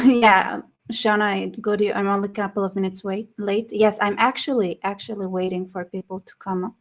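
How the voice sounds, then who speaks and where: Tired hoarse woman chatting on a live stream, rambly, keeps restarting sentences, reads out the chat. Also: medium pitch. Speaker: livestream host.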